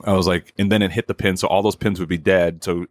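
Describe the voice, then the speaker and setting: He's a podcast host with a low voice and fairly even intonation, speaking fast on a dry recording. His casual storytelling turns heated and profane as he mimics what others said.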